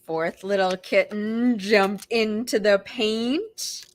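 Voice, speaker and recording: Slow, lively woman reading to kids. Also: mid-range voice, dry recording. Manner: animated and expressive, with gasps and animal noises. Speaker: children's librarian hosting storytime. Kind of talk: reading picture books aloud to preschoolers.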